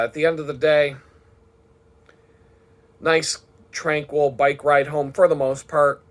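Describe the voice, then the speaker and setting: A man talking casually in a rambling, profane vlog monologue, swearing freely as he tells his day. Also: medium pitch. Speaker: vlogger.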